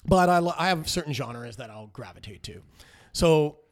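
Man, 40s, brewer guest, a bit high-pitched, loose rambling chatter. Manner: rambling and animated, quick laughs. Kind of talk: casual interview chat.

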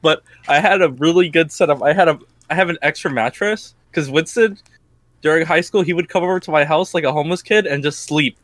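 A young man telling a story casually to friends, animated, laughing often and swearing. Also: fairly high pitch, brisk, dry recording.

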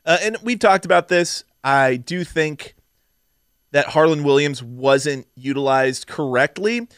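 A young man chats on a podcast, animated and laughing, cursing freely as he riffs. His voice sits a bit high. The sound is dry and close. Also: smooth, no echo. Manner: animated, swearing, quick to laugh. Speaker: podcast co-host. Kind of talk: casual chat.

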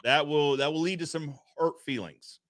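A man's voice: a little high, normal speed, fairly bright tone, no room sound, clean studio sound. A man hosting a podcast in casual live-stream chat, upbeat, greeting viewers and reading their comments aloud. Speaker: podcast host.

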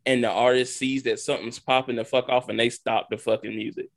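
A man's voice: mid-range voice, level tone, a little fast. A man co-hosting a podcast, blunt and profane in casual chat. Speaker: podcast co-host.

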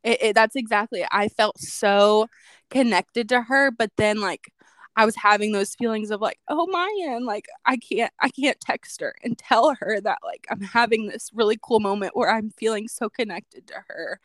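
A woman's voice: medium pitch, steady tone, normal speed, no room sound. A young woman co-hosting a podcast, telling a personal story in a casual chat with a lot of "like" fillers. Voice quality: says "like" a lot, chatty and reflective. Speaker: podcast co-host.

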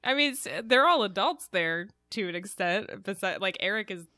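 A woman's voice: medium pitch, normal speed, dry recording. Chatty woman on a dry mic. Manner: animated, chatty, with fillers and laughs. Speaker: podcast co-host. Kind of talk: casual chat.

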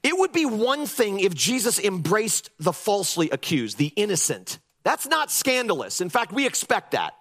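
A male pastor with a high voice preaches a lively sermon at normal speed, with few pauses. He imitates critics in mocking impressions and drives his arguments with emphasis.

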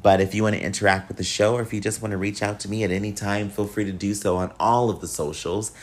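A man's voice: lowish voice, fairly even intonation, quick pace. A young man hosting a solo podcast with a nasal voice, talking candidly and encouragingly in a casual way, sometimes swearing. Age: young adult. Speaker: podcast host.

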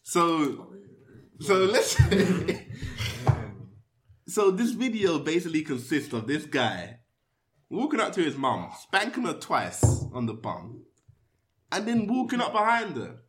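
A man's voice: fairly high pitch, wildly swooping pitch, takes it slowly, long pauses. A young man, hosting a casual podcast and telling provocative, rambling jokes. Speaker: podcast host.

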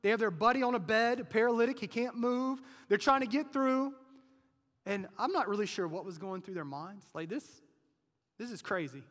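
A man's voice: high-pitched, a little fast, fairly bright tone. A male pastor preaching a sermon in a conversational way, often asking "right?" as he talks. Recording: long reverb of a large hall.

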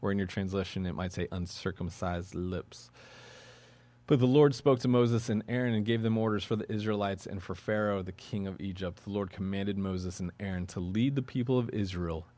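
A man's voice: low-pitched, normal speed, warm tone, dry recording. A man preaching a sermon as pastor of a church, talking in a conversational, earnest way that now and then rises into emphatic bursts.

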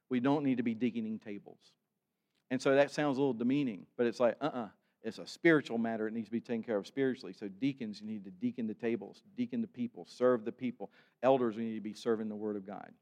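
A man preaching a sermon to his congregation, conversational and animated, with asides to the listeners. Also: medium pitch, muffled recording. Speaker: pastor. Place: church sanctuary. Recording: long church reverb.

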